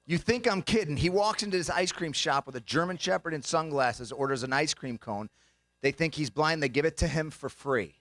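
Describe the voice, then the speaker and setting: Performing comedy as a banquet speaker in a banquet hall, a young man with a high, fairly bright voice tells jokey stories at a moderate pace and acts out the voices of people in them. There's no echo.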